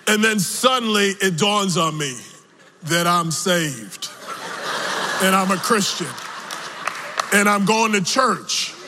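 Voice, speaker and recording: A man preaching a sermon, telling a personal story slowly with emotional swings, from the pulpit of a church. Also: high voice, lively intonation, crowd noise, noisy background. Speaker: pastor. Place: church sanctuary. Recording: long reverb of a large hall.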